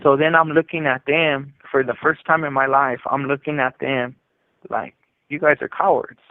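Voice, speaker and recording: A man's voice: medium pitch, flat delivery, normal speed, no echo. A man telling his own story in a rambling, casual way, full of fillers and quoted back-and-forth, recorded over a prison phone call.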